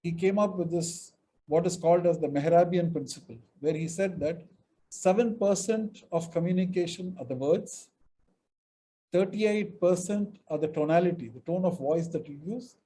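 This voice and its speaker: Emphatic male mediation trainer, husky voice. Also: high-pitched, moderate pace, mellow, poor audio. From India. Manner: emphatic, acts out example sentences with shifting stress. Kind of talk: webinar lecture.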